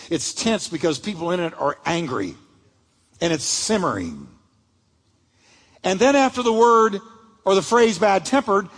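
A man with a high, very animated voice preaches a sermon, swinging up and down as he tells stories and acts out the people in them. He is heard in a church sanctuary with a long, ringing reverb. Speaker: pastor.

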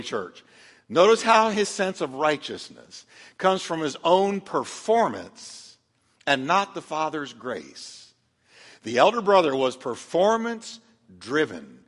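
Male pastor, slightly high voice, forceful energetic preaching, long hall reverb. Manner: emphatic preaching with call-and-response to the congregation. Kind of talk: sermon.

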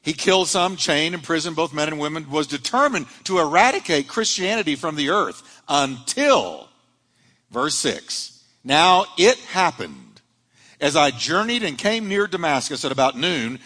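Male pastor, fairly high voice, lively sermon delivery, long church-hall reverb. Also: unhurried. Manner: animated preaching, rising and dropping dramatically.

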